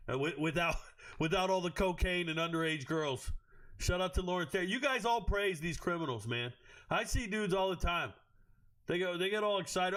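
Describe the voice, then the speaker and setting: A man with a high-pitched voice hosts a casual livestream, reading chat and firing off crude jokes. He jumps quickly from one comment to the next in animated trash talk. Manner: loud, profane, joking trash talk.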